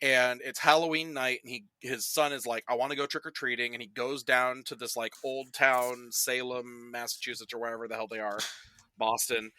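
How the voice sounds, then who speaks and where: A man retelling film plots in casual podcast chat, animated and swearing freely. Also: mid-range voice, normal speed, clean tone, no echo. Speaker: podcast guest reviewing films.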